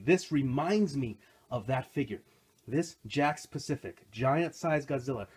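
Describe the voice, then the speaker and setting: Excitable middle-aged man, husky voice. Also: mid-range voice. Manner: excitable, rambling, chatty asides to viewers. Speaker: toy reviewer. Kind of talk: casual hands-on toy review. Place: home recording station.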